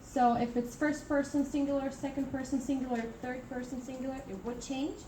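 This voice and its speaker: A young Italian woman, an international student, gives a hesitant classroom presentation packed with fillers and restarts. Her voice sits high with little pitch movement, and she speaks briskly in a warm tone. The recording is noisy and echoey, captured from far off.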